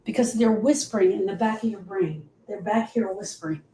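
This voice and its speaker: A woman's voice: mid-range voice, a little fast, dark tone, echoey room, a little hiss or hum, low-quality recording. A woman grief coach teaching on a live show, emphatic and repetitive, speaking straight to her listeners.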